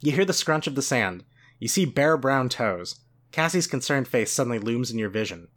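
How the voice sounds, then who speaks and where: A man co-hosting a podcast, reading a book aloud with expressive narration and laughing banter. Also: medium pitch, moderate pace. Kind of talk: dramatic read-aloud with banter.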